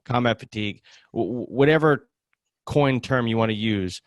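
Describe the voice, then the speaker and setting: A man's voice: medium pitch, no echo, clean studio sound. A man hosting a podcast, asking long questions with many restarts. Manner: halting, restarts phrases while asking. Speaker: podcast host. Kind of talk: conversational interview questions.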